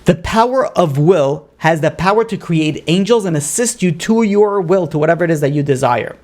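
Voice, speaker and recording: A man, a rabbi, teaching a lively Torah class, asking rhetorical questions and acting out story dialogue with Hebrew terms mixed in. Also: a little high, normal speed. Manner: sprinkles Hebrew and Aramaic learning terms. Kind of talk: lively lecture.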